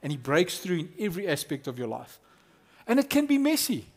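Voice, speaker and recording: Animated pastor preaching. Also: male voice, high voice, a little fast. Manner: animated, conversational preaching with acted-out quotes. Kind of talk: sermon.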